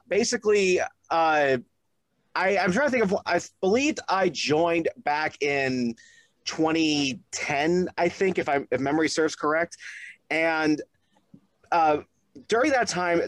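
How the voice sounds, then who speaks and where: A man being interviewed as a podcast guest, speaking hesitantly with many pauses and restarts. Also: fairly high pitch, no room sound, rough recording.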